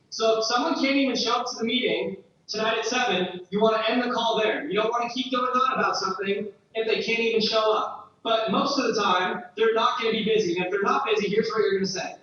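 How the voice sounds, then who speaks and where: Young man, high bright voice, casual seminar trainer, far off in a very echoey hall. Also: fairly quick. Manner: casual, slangy, repeats key points for emphasis. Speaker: training speaker. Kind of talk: seminar talk. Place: large hall at a training event. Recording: very echoey hall, distant, dull sound.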